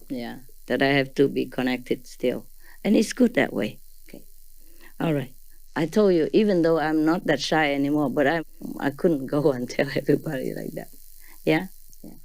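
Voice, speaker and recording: A woman's voice: deep voice, vocal fry, darkish tone, no echo. A woman teaching a gathering in a loose, chatty way, laughing often and tagging her sentences with questions, in non-native English phrasing. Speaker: spiritual teacher. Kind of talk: informal spiritual talk to a gathering.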